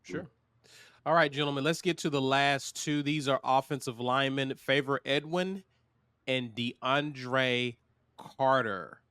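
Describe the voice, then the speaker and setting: A man with a mid-pitched voice keeping a sports chat moving with short remarks and prompts. He is recorded close and dry. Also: steady tone, a little slow, pushed and bright, smooth, no echo. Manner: brief, steering the discussion along. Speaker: podcast co-host. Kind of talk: casual sports talk.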